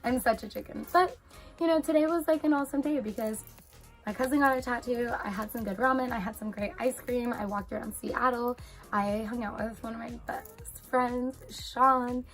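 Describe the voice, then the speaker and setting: A woman's voice: fairly high pitch, normal speed, faint music behind. Chatty young woman telling a story. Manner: chatty, constant "like" fillers, animated retelling. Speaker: vlogger. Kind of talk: casual storytime chat.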